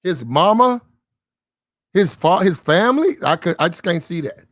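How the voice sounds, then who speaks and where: A man's voice: high-pitched, big pitch swings, moderate pace, fairly bright tone, no room sound. A man hosting a casual livestream, talking bluntly and incredulously and swearing freely. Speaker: livestream host. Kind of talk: casual commentary.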